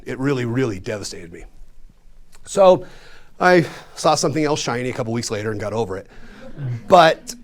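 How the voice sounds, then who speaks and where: Colorado magician guy in his 50s spinning a funny story for a room full of people, animated and self-mocking. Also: medium pitch, normal speed. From Colorado, USA. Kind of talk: comic storytelling to a live audience. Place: room with a live audience.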